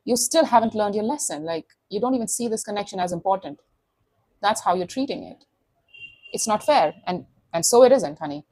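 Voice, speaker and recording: A woman's voice: mid-range voice, animated, fairly quick, warm tone, no room sound. A woman giving a casual tarot reading to camera, blunt and sassy, acting out imagined thoughts. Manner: sassy, blunt, acts out quoted inner voices. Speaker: tarot reader.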